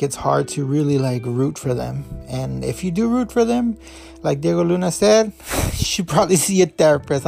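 A man's voice: mid-range voice, gravelly, a little mellow. A man hosting a podcast, giving a loose, rambling review full of fillers and restarts, a Spanish speaker. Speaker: podcast host. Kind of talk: casual review talk.

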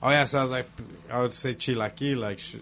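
Laid-back profane man, casual storytelling chat, mid pitch, faint hum behind. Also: fairly even intonation, fast talker, fairly bright tone.

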